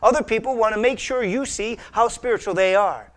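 High-voiced man preaching a lively sermon. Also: a little fast. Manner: animated, acts out imagined voices, swings from hushed to loud. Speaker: pastor.

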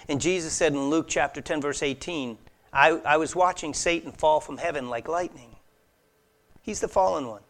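A male pastor preaching an expository sermon in a slightly high voice. He speaks earnestly and emphatically, rising loud on key phrases and dropping to hushed asides, with a casual, conversational edge and the odd restart.

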